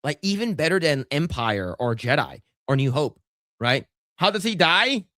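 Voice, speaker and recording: Podcast co-host, male, casual and profane, animated pitch, dry close mic. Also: normal speed, no room sound. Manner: profane, laughing, acts out scenes in high voices. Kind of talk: casual chat.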